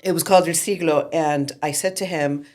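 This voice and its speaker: A woman's voice: low-pitched, fairly even intonation, a little fast, a little mellow. A woman in her forties, the guest of an interview, telling her story candidly and animatedly, swearing freely. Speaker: real estate team founder, guest.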